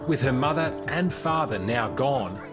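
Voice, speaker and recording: Australian male reporter, animated narration. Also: medium pitch. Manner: measured and grave. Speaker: reporter narrating a current affairs story. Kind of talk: scripted news narration. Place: voice-over studio. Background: loud music bed.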